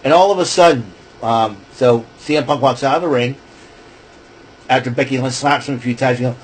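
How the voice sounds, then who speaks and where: A man casually rambling through a wrestling show recap, excitable and correcting himself as he goes. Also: mid-range voice, fairly quick, breathy edge, low-quality recording. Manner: excitable, self-correcting, chatty asides.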